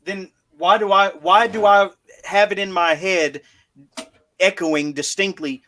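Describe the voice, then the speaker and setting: Podcast co-host, male, fairly high voice, rambling and wry, trips over his words. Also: steady tone, measured pace, pushed and bright. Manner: rambling, stumbles and restarts, wry. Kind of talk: casual chat.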